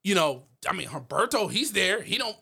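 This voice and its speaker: High-voiced, slangy young man chatting. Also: moderate pace, vocal fry, slightly rough. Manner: animated, slangy, rambling with many fillers. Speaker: podcast co-host. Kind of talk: casual chat.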